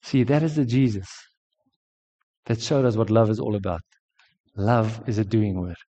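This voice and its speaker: A man's voice: on the low side, moderate pace, warm tone. A middle-aged man preaching a sermon, telling a personal testimony earnestly. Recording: dull lo-fi sound with long hall reverb.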